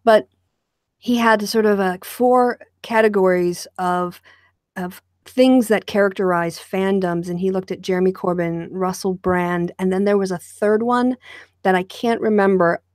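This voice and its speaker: A woman's voice: medium pitch, fairly even intonation, unhurried, a little mellow, no room sound. Chatty woman co-host, dry close sound. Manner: laughs often, many fillers. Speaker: podcast co-host. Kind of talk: casual chat.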